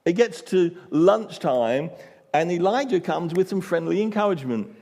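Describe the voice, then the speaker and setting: A man's voice: high-pitched, expressive, normal speed, darkish tone, big-room sound. A male pastor preaching a sermon with dramatic storytelling and dry humor, in a church.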